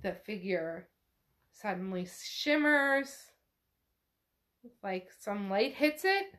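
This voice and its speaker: A woman's voice: medium pitch, animated, extremely slow, fairly bright tone. A woman hosting a podcast, retelling a novel in a casual, chatty way, full of "like" and swearing. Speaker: podcast host. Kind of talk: casual book recap chat.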